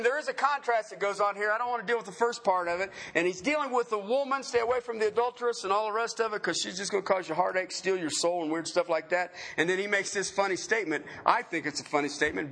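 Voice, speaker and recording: A middle-aged man preaching a sermon as pastor, joking and animated, often laughing at his own lines. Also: high voice, quick pace, hardly any pauses.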